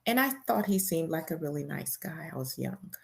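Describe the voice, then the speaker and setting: A woman's voice: low voice, lively intonation, moderate pace, creaky. A woman hosting a show, reading a memoir aloud in the first person in a plain, conversational storytelling way with casual fillers.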